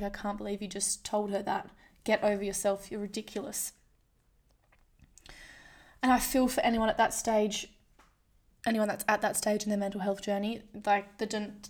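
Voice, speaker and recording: Frank woman telling her story. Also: medium pitch. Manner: frank, self-deprecating, quotes her own inner voice. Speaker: vlogger sharing a personal story. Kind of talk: candid personal monologue.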